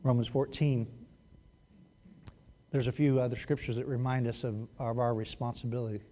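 A male pastor preaching a sermon in an animated, joking way, acting out quotes as he goes. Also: mid-range voice, moderate pace.

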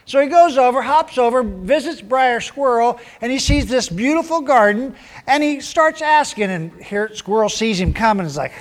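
A man's voice: very high-pitched, expressive, moderate pace. A man preaching a sermon, who tells a folksy animal story in down-home speech. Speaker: pastor.

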